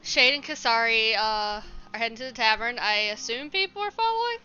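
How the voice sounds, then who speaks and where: A woman's voice: on the high side, animated, brisk, pushed and bright, clean tone, muffled recording, faint music behind. A woman playing a tabletop game, talking in a dry, weary way. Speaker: player. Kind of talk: casual tabletop game chat.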